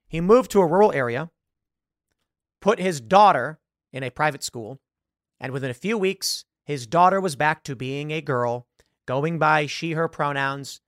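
This podcast host is a man with a fairly high-pitched voice, captured in clean studio sound without echo. He offers opinionated commentary in a lively monologue, performing the voices of the people in his stories.

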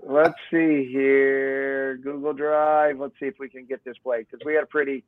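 A man co-hosting a podcast, talking in a relaxed, muttering way while he works. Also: mid-range voice, normal speed, a loud crowd. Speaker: podcast co-host. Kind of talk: casual chat. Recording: dry tinny phone-like line.

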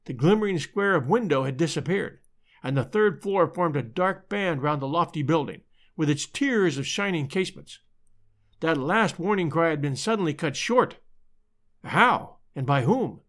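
A man reading a story aloud as a measured, dramatic narrator. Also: on the high side, expressive, fairly bright tone. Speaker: audiobook narrator. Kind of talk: scripted narration.

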